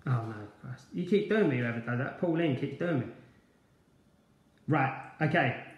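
A man's voice: medium pitch, expressive, normal speed, echoey room, muffled recording. A man hosting a live online quiz night, chatty and upbeat as he greets viewers by name. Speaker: quiz host, former player.

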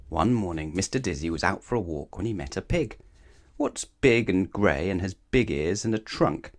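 Lively low-voiced man reading a storybook. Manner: expressive, sing-song reading. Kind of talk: reading a children's storybook aloud.

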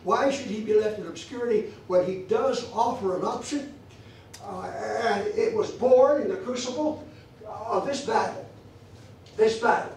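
A man's voice: sits high, unhurried, a little mellow, a little hiss or hum. Emphatic man preaching in an echoey hall. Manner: emphatic, repeats phrases for stress. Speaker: pastor teaching a theology class. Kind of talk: church teaching session. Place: church meeting room. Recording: echoey church room from far off.

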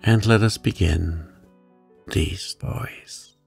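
A man narrating a bedtime story in a soft, soothing, gentle way. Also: sits low, takes it slowly, vocal fry, breathy edge, faint music behind.

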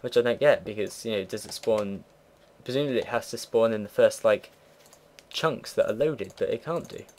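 A man's voice: lowish voice, normal speed, a little mellow. Chatty teen boy narrating his game. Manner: rambling, chatty, swears offhand. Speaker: gameplay commentator. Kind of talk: casual let's play commentary.

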